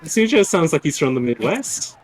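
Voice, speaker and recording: Young man, Welsh accent, gaming stream host, swearing banter, very lively pitch. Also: moderate pace. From Wales. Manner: swearing, joking, animated banter. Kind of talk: casual gaming stream chat.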